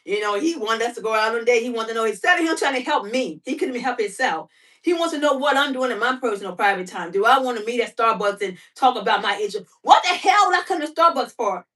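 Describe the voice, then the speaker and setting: A woman hosting a casual livestream, talking to her chat in an animated, talkative way, laughing often and firing off rhetorical questions. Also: on the high side, quick pace. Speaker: livestream host. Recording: voice somewhat far from the mic.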